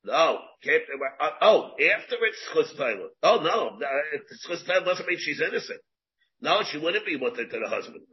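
A man's voice: on the high side, very animated, moderate pace, slightly rough. A man, a rabbi giving a Talmud class, who asks rhetorical questions, repeats his phrases and mixes in Hebrew terms, on a dull lo-fi recording.

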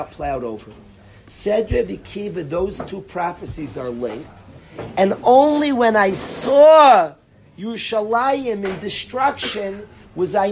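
A man's voice: a little high, vocal fry, slight background noise. A man, a rabbi, giving an informal lecture to a class of students, talking emphatically, repeating words and restarting as he turns to address them directly.

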